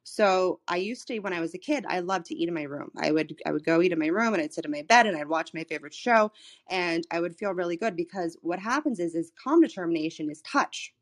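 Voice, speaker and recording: Animated, low-voiced woman telling a story. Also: quick pace. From Florida, USA. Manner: animated, swears freely, repeats words and restarts. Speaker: human design coach. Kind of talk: casual storytelling in a live audio room. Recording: live social audio room recording.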